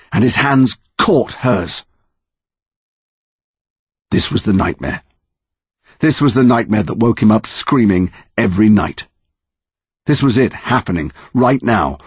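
A man narrating a dark storybook with slow, highly dramatic delivery. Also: husky, no room sound. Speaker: audiobook narrator.

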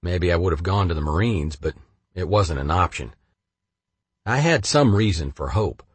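Male memoir narrator, blunt and cursing, lively pitch, dry close studio sound. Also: moderate pace, husky, dry recording. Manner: blunt and profane, swinging between flat and heated. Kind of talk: first-person audiobook memoir reading.

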